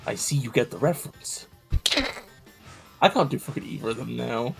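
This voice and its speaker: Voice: medium pitch, animated, normal speed, gravelly, long pauses, soft background music. A co-streamer chatting casually and swearing while playing a video game. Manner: chatty, swearing, laughing outbursts.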